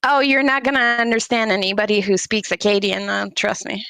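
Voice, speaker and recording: A woman's voice: mid-range voice, steady tone, a little fast, gravelly, bright, forceful tone, clear, resonant tone, dry recording, low-quality recording. A woman from Canada, a fellow player chatting casually and patiently explaining rules, with light teasing. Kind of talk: casual chat during a board game.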